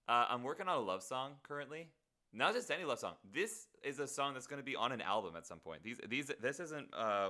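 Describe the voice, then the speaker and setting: A man chats casually with his live-stream viewers while producing a song at home. His voice sits somewhat low yet comes across bright and tense. He mutters half to himself and throws in playful self-mocking asides. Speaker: streamer making music.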